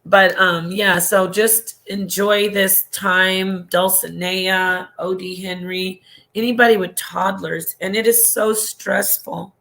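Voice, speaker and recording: A woman chats casually on her livestream in a voice of ordinary pitch for a woman. She rambles and gets emotional, laughing and restarting as she reads comments and answers them. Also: little pitch movement, slow, creaky, a bit bright. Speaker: livestream host reading viewer comments.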